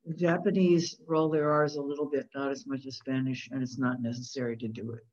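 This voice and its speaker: An instructor leading a call-and-response pronunciation lesson, patiently explaining step by step and chanting syllables slowly and evenly. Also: medium pitch, flat delivery, a little mellow. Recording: dull lo-fi recording.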